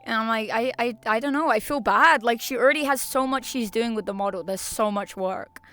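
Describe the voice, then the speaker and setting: A woman's voice: a little high, fairly quick, fairly bright tone. A young woman streamer chatting casually to her viewers, rambling with restarts, slang and laughter. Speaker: VTuber streamer.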